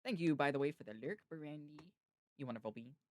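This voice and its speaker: A man's voice: on the high side, brisk, no echo. A man hosting a casual chat, talking enthusiastically with lots of fillers. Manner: enthusiastic, chatty, many fillers. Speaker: podcast host.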